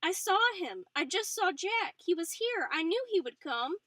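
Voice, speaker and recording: An excited young girl tells what she just saw, her voice high and eager, as a woman reader puts her on. The sound is bright and dry, close to the mic. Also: normal speed, no room sound, far from the mic, exaggerated voice.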